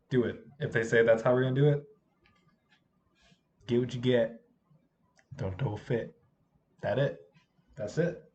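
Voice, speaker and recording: A substitute teacher with a hoarse voice from yelling, telling stories in a casual vlog and acting out what others said. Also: medium pitch. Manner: animated, acts out what others said.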